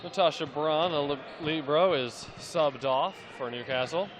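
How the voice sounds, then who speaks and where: A man's voice: on the high side, moderate pace, background noise. An American man giving live volleyball co-commentary, chatty and hesitant with many restarts.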